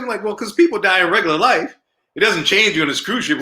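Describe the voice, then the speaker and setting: A middle-aged male comedian tells stories in a casual interview, animated and laughing at his own jokes. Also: high-pitched, quick pace. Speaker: comedian guest. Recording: roomy echo.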